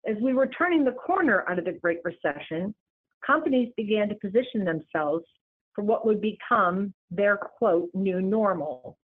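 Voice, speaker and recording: A woman presenting a business series in scripted narration, with measured, emphatic lists. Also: mid-range voice, animated. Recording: tinny phone-like line.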